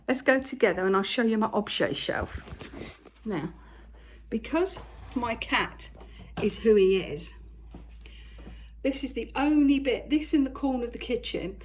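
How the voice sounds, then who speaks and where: An older woman with a husky voice, chatting casually to camera about her crafts as she walks around her kitchen holding the phone. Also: fairly high pitch, lively intonation, a little slow, pauses often, a little hiss or hum. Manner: chatty, rambling, talks to her cat and viewers. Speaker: craft vlogger. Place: home kitchen, indoors.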